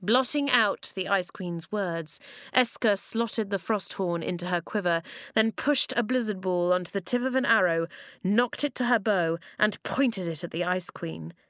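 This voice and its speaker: A woman narrating a children's storybook, shaping each line with calm expression. The recording is close and dry with no room around her. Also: mid-range voice, measured pace, dry recording. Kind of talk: storybook reading aloud.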